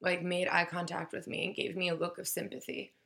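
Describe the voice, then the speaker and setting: A woman's voice: on the low side, completely flat delivery, fairly quick, creaky, fairly bright tone. A woman casually telling a story, acting out the quoted voices and swearing freely.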